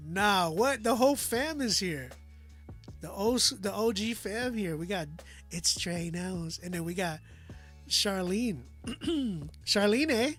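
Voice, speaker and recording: A man's voice: high-pitched, expressive, slow, fairly bright tone, faint music behind. A man reviewing listeners' songs live on a stream. He talks in a loose, slangy way, laughs often and trails off with "like". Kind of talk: casual live-stream chat.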